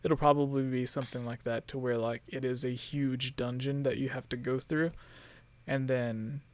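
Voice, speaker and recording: A man's voice: medium pitch, little pitch movement, normal speed. A man co-hosting a casual gaming chat stream, rambling with lots of fillers and restarts. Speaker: podcast host.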